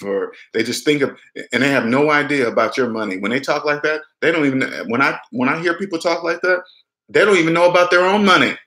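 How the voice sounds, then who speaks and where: A man's voice: mid-range voice, fast talker, sharp tone. Emphatic man giving money advice. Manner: emphatic, repetitive, acts out little dialogues. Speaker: personal finance vlogger. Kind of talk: casual direct-to-camera advice. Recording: echoey room.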